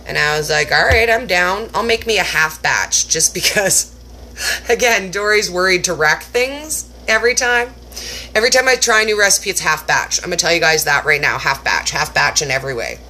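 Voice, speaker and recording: A woman cooking vlogger chatting casually to camera, animated and self-mocking, acting out her own past reactions in exaggerated voices. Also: lowish voice, a little fast, a little hiss or hum.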